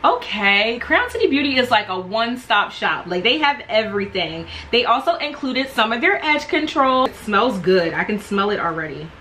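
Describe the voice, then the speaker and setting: Gushing woman unboxing products, bright voice. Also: on the high side, big pitch swings, moderate pace, hardly any pauses, slight background noise, rough recording. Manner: gushing, enthusiastic. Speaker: vlogger.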